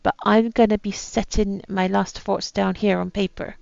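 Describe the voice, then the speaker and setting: A woman voicing a boastful old male pirate captain in a put-on pirate accent, reading his journal aloud in slow, rough slang. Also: mid-range voice, steady tone, a little mellow, no echo, muffled recording.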